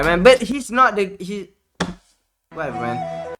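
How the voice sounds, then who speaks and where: A male streamer telling a storytime vlog in an animated, exasperated way, full of slangy asides. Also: sits high, a little slow, pauses often, a little hiss or hum.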